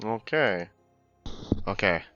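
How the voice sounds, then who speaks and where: A man playing a tabletop game, slow and hesitant, stammering as he looks things up. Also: lowish voice, expressive, bright, forceful tone, no room sound, highs cut off, soft background music. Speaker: player. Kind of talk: casual tabletop play.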